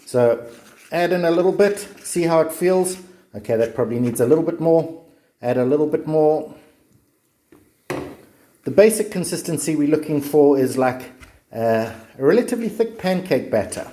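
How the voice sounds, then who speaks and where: Guy chatting through a cooking demo, bit high voice, echoey kitchen sound. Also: expressive, moderate pace, long pauses, dark tone. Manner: chatty, joking. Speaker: cooking vlogger. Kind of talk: casual cooking demonstration.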